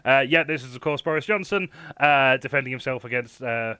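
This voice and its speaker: Bright-voiced British quizmaster. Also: male voice, medium pitch, brisk, clean tone, dry recording. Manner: chatty, laughing, trails off into mumbles. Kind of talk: hosting a comedy panel game.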